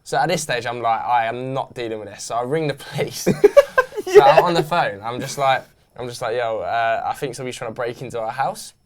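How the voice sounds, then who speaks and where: A man's voice: mid-range voice, animated, a little fast, background noise. A man telling a story in casual chat, laughing often and acting out what people said. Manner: laughing often, acts out quoted dialogue. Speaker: show regular.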